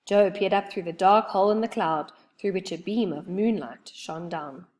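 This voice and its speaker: A woman reading a children's storybook aloud with expressive, lively storytelling. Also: mid-range voice, normal speed.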